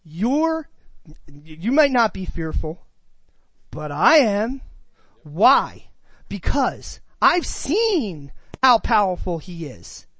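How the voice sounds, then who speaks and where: A man's voice: high voice, huge pitch swings, drawn-out words, sharp tone, no echo. A man preaching a sermon, reading scripture and asking his congregation questions with emphatic delivery.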